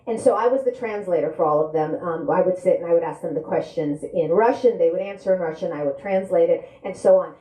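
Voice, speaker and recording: Brisk middle-aged woman telling stories. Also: on the low side. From Soviet Union. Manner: lively, brisk storytelling with wry humor. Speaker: author. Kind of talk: live bookstore author conversation. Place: bookstore event space. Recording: echoey room at a live event.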